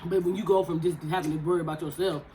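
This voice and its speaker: A woman's voice: on the low side, fairly even intonation, very fast, warm tone, slight background noise, rough recording. A woman in her thirties co-hosting a podcast, talking casually and animatedly over a meal, laughing often. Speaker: podcast co-host.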